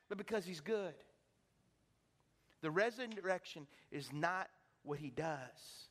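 A pastor preaching an impassioned sermon, swinging from hushed to shouting. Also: male voice, a little high, animated, slow pace, long pauses. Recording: long reverb of a large hall.

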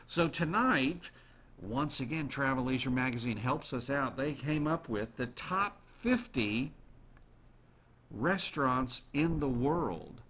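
A man hosting a show, chatting casually to his listeners in an animated way and throwing questions at the audience. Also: mid-range voice, slow, husky. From United States. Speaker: radio show host.

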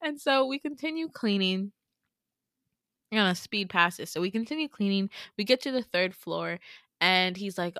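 A woman's voice: mid-range voice, expressive, moderate pace, fairly bright tone, no echo, studio quality. A woman host casually retelling a dream story in a chatty, filler-heavy way. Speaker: podcast host.

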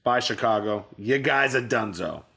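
A man's voice: lowish voice, expressive, normal speed, sharp tone. A man co-hosting a casual football recap show, bluntly opinionated and rattling off game stats. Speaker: sports show co-host.

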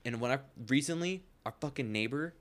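A man's voice: medium pitch, expressive, brisk, fairly bright tone. A young man co-hosting a podcast, telling a long, rambling story in casual chat, filled with "like" and frequent swearing. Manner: rambling anecdote, heavy use of "like", frequent swearing. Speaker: podcast co-host.

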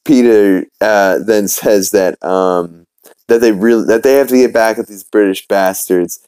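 A man's voice: on the low side, unhurried, darkish tone, clean tone, no room sound. A male podcast host casually recapping an episode, rambling along with lots of fillers, restarts and casual swearing.

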